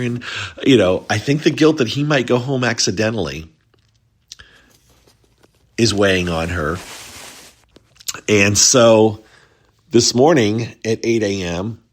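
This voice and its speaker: A man hosting a casual reality show recap, rambling and chatty, lifting his voice whenever he quotes someone. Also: on the low side.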